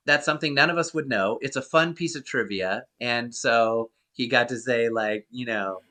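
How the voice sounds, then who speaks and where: A man's voice: mid-range voice, a little fast, hardly any pauses, bright, forceful tone. A man being interviewed as a guest actor, telling an anecdote in a rambling way with many fillers and restarts. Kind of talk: casual interview storytelling.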